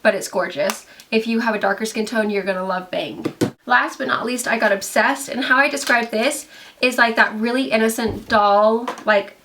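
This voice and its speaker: A woman's voice: fairly high pitch, normal speed, bright, forceful tone, a little hiss or hum. A young woman vlogger chatting casually through a beauty product review, full of "like" and "um". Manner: chatty, lots of "like" and "um" fillers.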